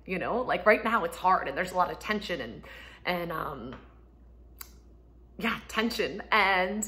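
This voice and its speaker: A woman in her thirties, a homeschooling mom, chatting casually to camera from home, laughing often and acting out quotes in a higher voice. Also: lively intonation, measured pace, pauses often, pushed and bright. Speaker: homeschooling mom and ministry speaker.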